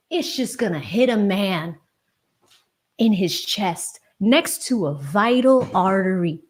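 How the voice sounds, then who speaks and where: Female livestream host, true crime commentary; indignant, emphatic, slow and deliberate delivery. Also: medium pitch, expressive, slightly rough. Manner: indignant, emphatic, talks straight to viewers.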